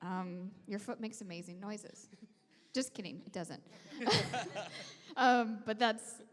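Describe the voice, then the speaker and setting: A woman's voice: medium pitch, slow, a bit bright. A woman who is a voice actress, chatting on a convention panel in a giggly, chatty way with many ums. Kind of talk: casual convention panel chat. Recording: echoey convention hall.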